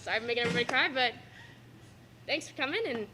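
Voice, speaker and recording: Speaking very fast over crowd noise, a young woman with a fairly high voice delivers a tearful thank-you speech in a school cafeteria. She's a student athlete saying farewell, and she laughs nervously between sentences while fighting back tears.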